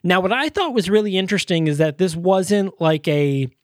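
Lively man co-hosting a movie podcast. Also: high voice, dry recording, studio quality. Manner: animated retelling of scenes, quick to laugh. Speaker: podcast co-host. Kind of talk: casual movie review chat.

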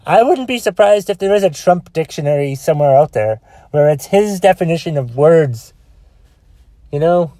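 A man's voice: on the high side, lively intonation, moderate pace, warm tone, dry recording, clean studio sound. A man ranting alone into his phone, exasperated and profane, rambling with frequent restarts. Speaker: solo podcaster. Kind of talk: casual rant.

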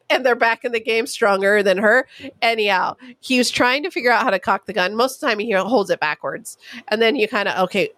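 A woman's voice: a little high, a little fast, a bit bright, no echo. A woman from California, a talk show co-host telling candid, swearing family stories in casual chat. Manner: candid storytelling with laughs and swearing.

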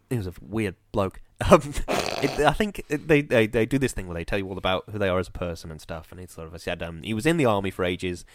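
A man chatting casually as a podcast co-host, telling an animated story full of ums and restarts. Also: mid-range voice. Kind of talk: casual chat. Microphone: on camera, close mic.

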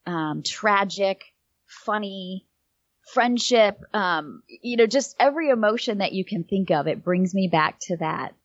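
A middle-aged woman appears as a guest and tells a personal story in casual chat, her mid-range voice animated and unhurried. She rambles a bit, leaning often on "um" and "like." The recording is dull, slightly lo-fi and dry, with no room sound.

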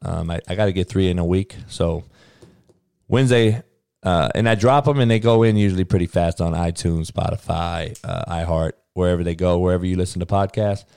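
A man's voice: sits low, a little fast, vocal fry, mellow, clean tone, no room sound, clean studio sound. A middle-aged man hosting his own podcast, talking in a brash, profane, rambling way and tacking "man" onto his sentences. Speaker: podcast host. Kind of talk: casual solo podcast rant.

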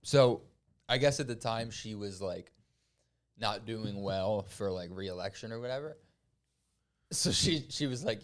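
A man's voice: lowish voice, moderate pace. A man in casual chat, recounting a history story in a rambling way with fillers and swearing.

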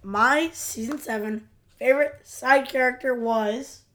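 Woman co-host, casual chat, affectionate and gushing, slightly high pitch. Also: a little slow, a bit bright, a little hiss or hum. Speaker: podcast co-host.

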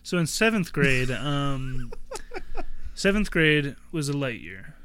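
A young man co-hosting a podcast, telling stories in a flat, offhand way with plenty of crude swearing. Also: mid-range voice, slow, slight background noise. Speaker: podcast co-host. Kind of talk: casual chat.

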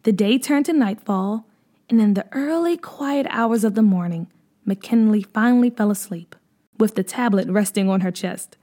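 A woman narrating a children's story in a gentle, measured read-aloud manner. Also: medium pitch.

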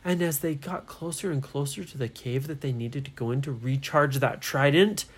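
Woman, bedtime storyteller, low breathy voice, unhurried. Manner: slow, soft, lively voices for the characters. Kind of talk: bedtime story told to a child.

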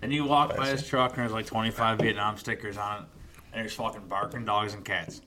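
A man's voice: lowish voice, steady tone, noisy background. A man telling a rambling, profane story in casual podcast chat, acting out the people in it. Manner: rapid, profane storytelling with quoted voices. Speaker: podcast co-host.

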